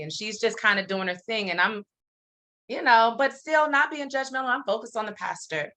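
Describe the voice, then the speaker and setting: A middle-aged woman tells a personal story as a guest in a relaxed interview. Her voice has a clear, bright edge. She speaks openly and with animation, often stopping on small ums as she goes. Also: mid-range voice. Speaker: interview guest, company founder. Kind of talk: personal storytelling in casual conversation.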